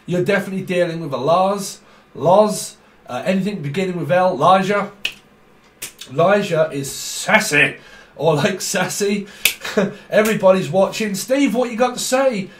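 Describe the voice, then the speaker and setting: A man's voice: a little high, reverberant. A man giving a casual tarot reading, playful and rambling, breaking into laughs often. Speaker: tarot reader.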